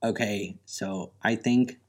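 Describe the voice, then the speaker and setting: A man's voice: on the low side, fairly even intonation, slow pace, a little mellow. A man co-hosting a podcast, hesitantly thinking aloud about what a movie's story might do. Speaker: podcast co-host. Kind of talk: casual chat, speculating about a movie.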